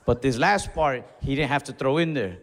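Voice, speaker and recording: Laid-back stand-up comic, reverberant hall. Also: male voice, mid-range voice, normal speed. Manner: laid-back storytelling, acting out his own outbursts. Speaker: stand-up comedian. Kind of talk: stand-up comedy set. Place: comedy venue, large hall. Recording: live hall reverb, faint crowd ambience.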